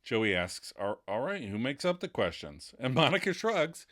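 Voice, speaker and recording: A man's voice: medium pitch, moderate pace. A man co-hosting a podcast, recapping scenes in casual chat and acting out the quoted lines. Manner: acts out quoted lines with lively voices. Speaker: podcast co-host.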